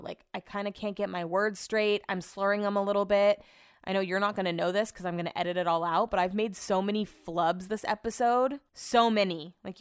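A young woman talks alone into a close mic for her podcast, candid and chatty, with a few curse words dropped in. Her voice is smooth and clear, and the sound is dry with no room echo. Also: medium pitch. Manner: chatty, candid storytelling with mild swearing. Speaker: podcast host. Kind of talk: casual solo podcast chat.

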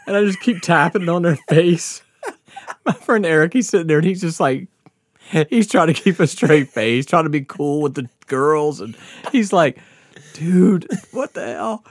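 This podcast host's voice sits a little high, moving at normal speed in a studio-quality recording with no room sound. His casual, rowdy story comes out animated, full of laughter and free swearing.

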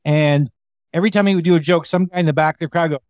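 A man with a somewhat high voice tells comedy-club stories in an animated, loose way, cursing casually and slipping into quoted voices. He is a stand-up comedian chatting over a remote call, and the sound is dry and close. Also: fast, no echo. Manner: animated, swears freely, acts out quoted voices. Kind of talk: casual storytelling chat.

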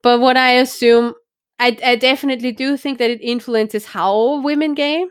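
A woman's voice: a little high, fairly even intonation, normal speed, smooth, no room sound, clean studio sound. A woman hosting a podcast in casual chat, frank and blunt, thinking aloud and checking in with "right?". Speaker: podcast host.

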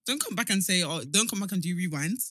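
A woman chatting casually with a friend, animated and teasing, often breaking into laughter. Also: fairly low pitch, fast talker, no room sound. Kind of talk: casual chat between friends.

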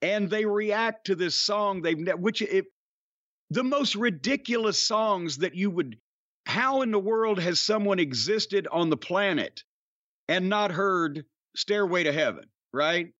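A man's voice: high-pitched, expressive, measured pace, fairly bright tone, no echo, dull audio. A man with a Southern US accent, hosting a podcast in a long-winded, sardonic, profane way. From Southern United States. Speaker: podcast host. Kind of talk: casual rambling chat.

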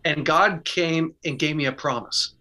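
Man, earnest and candid, bright tense voice, slightly high pitch, casual teaching chat. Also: a little slow. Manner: earnest, candid, talks in short bursts with restarts. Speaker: faith speaker sharing advice. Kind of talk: conversational teaching with personal story.

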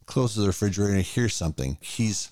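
A man's voice: fairly low pitch, fast talker, no room sound, studio quality. A man co-hosting a casual podcast, recapping a movie scene by scene and acting out the characters' lines. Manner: animated retelling, acting out lines. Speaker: podcast co-host.

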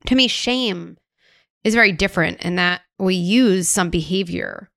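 A woman hosting a podcast who speaks thoughtfully and explains ideas clearly. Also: lowish voice, a little slow, fairly bright tone, no echo, studio quality. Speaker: podcast host. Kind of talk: conversational interview.

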